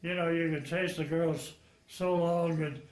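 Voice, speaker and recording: An old man in his nineties from Texas spins long, candid war stories at a slow pace. His voice sits a little high, and the room around him rings with echo. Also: steady tone. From Texas, United States. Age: 90s. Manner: rambling, frank storytelling with chuckles. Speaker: World War II veteran. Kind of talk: oral history interview.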